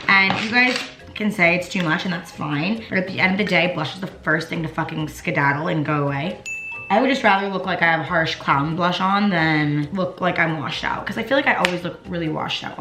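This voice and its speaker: A young woman chatting casually while doing her makeup, rambling with constant fillers and frequent swearing. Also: fairly low pitch. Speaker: beauty vlogger. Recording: roomy echo.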